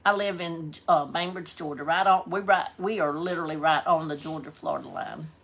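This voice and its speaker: A woman's voice: sits low, a little fast, slight background noise. A woman with a Southern US accent, hosting a live stream and chatting folksily, greeting viewers by name as she reads their comments. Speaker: livestream host.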